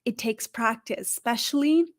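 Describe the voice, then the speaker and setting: A middle-aged woman who is not a native English speaker gives job interview advice on a live stream, lively, asking the audience questions and often adding "right?". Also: fairly high pitch, moderate pace. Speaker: career coach.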